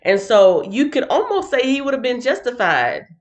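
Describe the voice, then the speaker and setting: A woman's voice: on the high side, big pitch swings, moderate pace. Playful, chatty woman hosting a livestream. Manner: playful and chatty, laughs a lot, talks to viewers. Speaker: host of a Bible reading livestream. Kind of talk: casual livestream chat.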